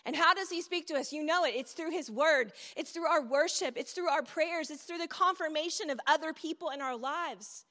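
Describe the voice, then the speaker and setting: A woman's voice: high voice, normal speed, few pauses, bright, forceful tone. A middle-aged woman preaching a sermon in a conversational storytelling way, with asides to the audience. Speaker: speaker at a church event. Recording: long hall reverb.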